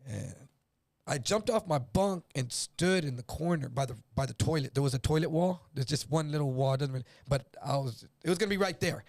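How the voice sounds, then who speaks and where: A man's voice: fairly high pitch, fairly quick, a little mellow, no room sound. A man from El Paso telling a story as a guest, acting out other people's voices and swearing freely. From El Paso, Texas. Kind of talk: casual storytelling on a livestream.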